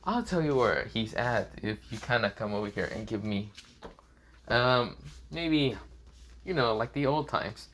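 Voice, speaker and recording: A man's voice: medium pitch, animated, measured pace, fairly bright tone, slight background noise. A man voicing a smug, scheming immortal male villain who teases and taunts in a casual fan-fiction story. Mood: smug teasing.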